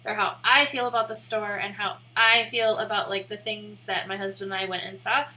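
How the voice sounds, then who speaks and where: Bright, giggly young woman rambling. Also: medium pitch, flat delivery, brisk. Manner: rambling and giggly, heavy use of "like". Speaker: live streamer and photographer. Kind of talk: casual chat on a live stream.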